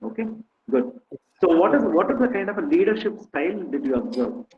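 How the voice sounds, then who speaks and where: A man's voice: high voice, very animated, brisk, soft background music. A man on a judging panel giving direct, coaching feedback to a student. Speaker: panel judge. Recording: echoey phone-like call.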